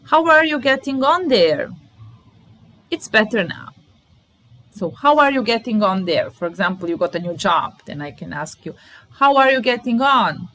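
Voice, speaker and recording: A woman's voice: medium pitch, animated, normal speed, fairly bright tone, low-quality recording. A woman with a Serbian accent teaching an English lesson, repeating example sentences and explaining them. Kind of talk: language lesson.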